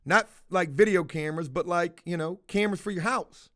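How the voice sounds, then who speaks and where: A man with a high voice talks straight to his viewers in a loose, rambling vlog monologue. He swears freely, leans on fillers and acts out both sides of conversations as he tells a personal story. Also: a little fast, sharp tone. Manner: profane, conversational, retells dialogue with many fillers. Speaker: vlogger telling a personal story.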